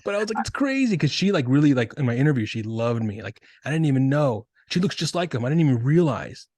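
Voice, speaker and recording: A man in his thirties hosting a podcast, telling stories in a relaxed way and acting out what people said. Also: medium pitch, fast talker, breathy edge, dry recording. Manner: relaxed storyteller, acts out quotes. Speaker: podcast host. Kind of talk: casual storytelling chat.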